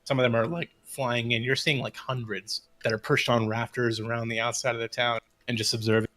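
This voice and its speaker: A man's voice: mid-range voice, level tone, fairly quick, bright, forceful tone. A man narrating casually as game master of a tabletop game. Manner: casual, many fillers and restarts.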